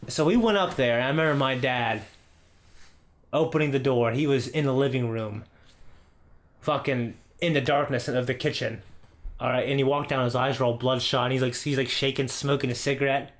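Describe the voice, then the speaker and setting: A man's voice: mid-range voice, fairly quick. A man in his thirties, a podcast co-host, telling a long personal anecdote in a casual, profane style, checking in with "okay?" as he goes. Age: 30s. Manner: profane, animated anecdote with frequent "okay?" asides. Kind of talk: casual storytelling.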